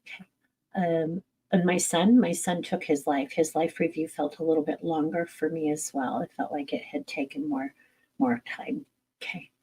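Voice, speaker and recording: A woman's voice: sits low, steady tone, moderate pace, mellow, slight background noise, low-quality recording. A middle-aged woman, a medium, answering viewer questions in a candid, casual live-stream chat, swearing freely and laughing at herself.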